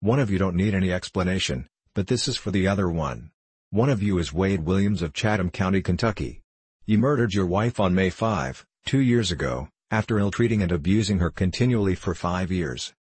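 A man reading the lines of a quiet, stern sheriff who speaks with calm authority. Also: deep voice, a little fast, slightly rough, dry recording.

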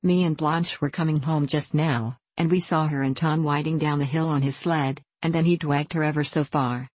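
A woman's voice: low voice, fairly even intonation, moderate pace, a little mellow, breathy edge, dry recording. A woman reading the part of a blurting, tattling little girl in a storybook.

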